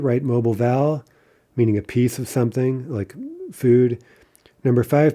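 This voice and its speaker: A man teaching an online language grammar lesson, explaining patterns step by step, often checking in with "right?" and trailing off into quieter asides. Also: mid-range voice, normal speed.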